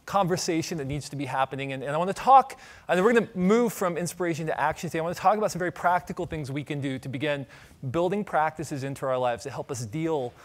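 Middle-aged man from Ohio, keynote speaker, higher-pitched voice, animated and humorous with the crowd. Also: fast talker. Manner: animated storytelling, audience asides, light humor. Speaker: conference speaker. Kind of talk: keynote talk with audience questions. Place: conference stage.

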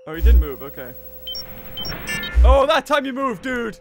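Jumpy man yelling through a horror game. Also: very high-pitched, very animated, a little slow, over music. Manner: jumpy, yelps and laughs, talks to the game characters. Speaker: gaming video host.

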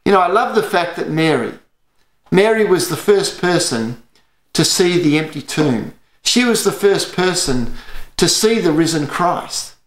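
Earnest Australian pastor in an echoey room. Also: male voice, high voice. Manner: earnest storytelling preaching. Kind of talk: sermon.

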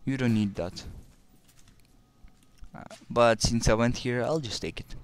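A man's voice: medium pitch, a little slow. A man casually commenting while playing a shooter game, rambling and often restarting words. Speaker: let's play commentator.

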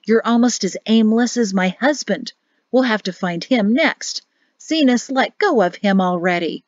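A woman voicing a stern, sharp-tongued rector's wife who talks in a brisk, scolding way. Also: medium pitch, expressive, dry recording, lo-fi sound, lightly acted.

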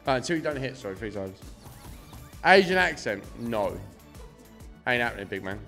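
A man's voice: mid-range voice, sing-song, moderate pace, vocal fry, pushed and bright, soft background music. A young man doing casual live-stream commentary, swearing freely and chatting to his viewers. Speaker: slot streamer.

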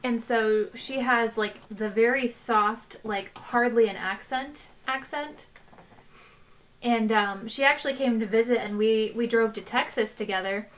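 A woman's voice: on the high side, steady tone, a little slow, a bit bright. A woman hosting a live game stream, chatting casually, laughing often and thanking donors. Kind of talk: casual chat while playing a game.

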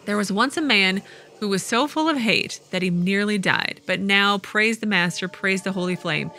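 A woman's voice: medium pitch, moderate pace, sharp tone. A woman voicing a cheerful, preachy male cult chanter in a video game, reading in a gushing sing-song way.

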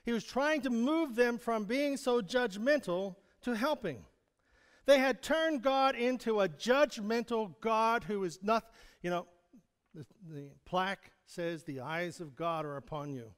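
High-voiced preaching man in a reverberant hall. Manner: conversational, chuckling, questions the congregation. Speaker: pastor. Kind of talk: sermon. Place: church sanctuary.

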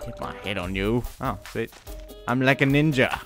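A man's voice: mid-range voice, a little fast, a bit bright, soft background music. A man giving casual let's-play commentary at home into a desk microphone, laughing often and yelping at surprises. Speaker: gaming commentator. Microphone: desk USB microphone.

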